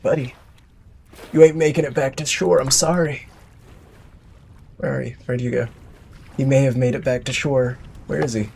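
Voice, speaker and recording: A man's voice: mid-range voice, moderate pace, vocal fry, pauses often, husky. Chatty, playful male game streamer. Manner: chatty, playful, self-mocking; excitable exclamations. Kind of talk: live gaming commentary.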